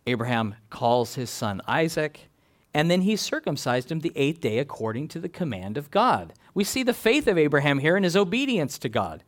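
A man preaching an expository sermon, reading scripture and building emphatic, animated lists. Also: on the high side, moderate pace.

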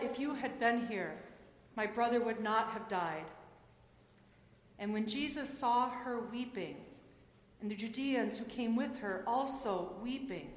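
Earnest woman preaching in a reverberant church. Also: on the high side. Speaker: pastor and pediatric chaplain. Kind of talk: sermon with gospel reading. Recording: echoey church hall.

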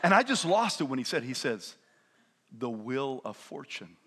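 A man in his fifties preaching a lively sermon as a pastor, telling stories and often shouting with laughter. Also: mid-range voice, moderate pace, slightly rough. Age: 50s. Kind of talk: energetic sermon.

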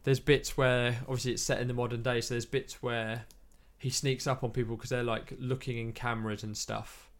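A man's voice: medium pitch, little pitch movement, normal speed, hardly any pauses. A man chatting casually about films, rambling with many fillers and restarts. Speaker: podcast co-host.

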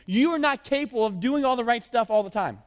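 A man preaching a sermon in a conversational, animated way that often drops to a low, intense voice. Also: fast, in a large hall. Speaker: pastor.

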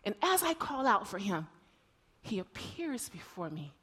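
A woman preacher giving an emotional sermon, telling stories and often repeating words as she swings between hushed and loud. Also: mid-range voice, very animated, measured pace, breathy edge.

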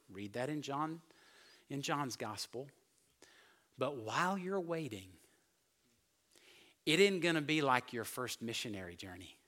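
A male pastor delivers a sermon in a high, bright voice. His pitch leaps and falls as he acts out the disciples' words. At key points he sinks to a near whisper. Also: sing-song, unhurried.

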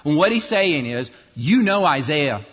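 A man preaching a sermon in an explanatory, lively way, at times acting out other voices mockingly. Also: a little high, unhurried, slightly rough. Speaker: pastor. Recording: dull distant sound in a reverberant hall.

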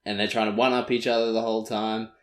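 A man's voice: on the low side, little pitch movement, fast talker. Rambling man, echoey room. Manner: rambling, filler-heavy recap with laughs. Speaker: podcast co-host. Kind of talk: casual chat.

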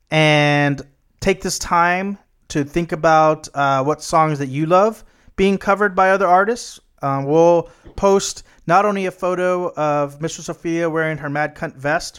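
American dude hosting a podcast, kinda high voice, chill, swears a lot, rambles. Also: male voice, a bit bright, clean tone. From United States. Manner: laid-back, swearing, rambling. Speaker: podcast co-host. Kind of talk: casual chat.

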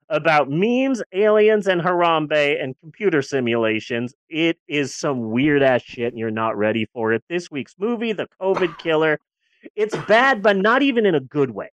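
A podcast co-host in casual movie-review chat who is sarcastic and profane, swinging from loud outbursts to low grumbles. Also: expressive, moderate pace, no echo.

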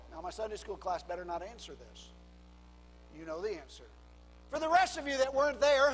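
A man preaching a sermon as a pastor, swinging between hushed low phrases and loud emphatic lines. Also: moderate pace, long reverb tail, slight background noise, low-quality recording. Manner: preaching with dramatic drops to a hush and rising emphasis.

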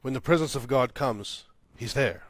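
A man preaching a sermon as pastor, repeating lines for emphasis, building loud and high, then dropping soft and low. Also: normal speed, no echo. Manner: swells louder and higher when building to a point, then drops soft and low.

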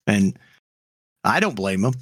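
A man's voice: on the low side, big pitch swings, takes it slowly, fairly bright tone, dry recording, clean studio sound. A man co-hosting a podcast, ranting heatedly in casual chat with frequent fillers. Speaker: podcast co-host.

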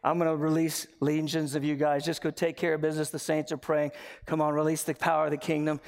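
Fond, unhurried God the Father, gravelly and warm-hearted, voiced by a preacher. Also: fairly high pitch, voice pushed down, natural voice. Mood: brisk. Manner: calm, affectionate, gently teasing. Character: tender, amused God the Father, male.

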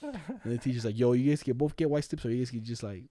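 Young man, casual storyteller, slangy and laughing, mellow timbre, dry recording. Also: medium pitch, fast, no echo. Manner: slangy, laughing, acts out quoted voices. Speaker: friend telling stories.

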